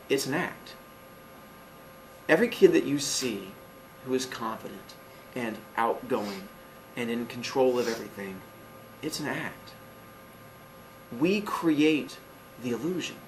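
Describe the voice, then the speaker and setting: A man's voice: mid-range voice, a bit bright, slight background noise, rough recording. A man, a teacher, giving an earnest motivational talk to his students and pressing them with rhetorical questions. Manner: earnest, emphatic, asks repeated rhetorical questions.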